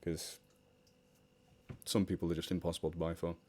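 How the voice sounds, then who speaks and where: He has a deep, level voice with a darkish tone and moderate pace. Hosting a casual charity livestream from home, this British man with a mixed British-American accent tells stories, laughs often, pokes fun at himself and reads viewer comments aloud. He speaks into a desktop mic near a fish tank.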